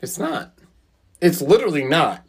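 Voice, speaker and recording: A man's voice: a little high, big pitch swings, normal speed, breathy edge. A man co-hosting a podcast in casual chat, blunt, argumentative and freely profane.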